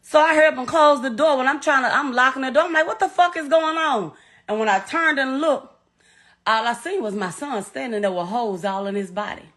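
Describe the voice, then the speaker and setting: A middle-aged woman with a slightly high voice tells her own story as a mother. She speaks bluntly and haltingly, swears freely and restarts her sentences as she goes. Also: a bit bright. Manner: blunt, profane, halting retelling. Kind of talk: emotional first-person account.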